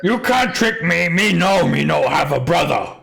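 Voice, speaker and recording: A man's voice: expressive, moderate pace, vocal fry, a bit bright, full character voice. A man voicing a dim-witted male orc guard who speaks in broken, simple sentences. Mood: suspicious. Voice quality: deep, broken simple speech.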